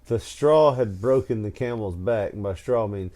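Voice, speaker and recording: A man's voice: fairly low pitch, normal speed, warm tone. A man co-hosting a casual podcast, telling funny childhood stories with frequent laughter and a tired, stammering delivery. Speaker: podcast co-host. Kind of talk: casual storytelling chat.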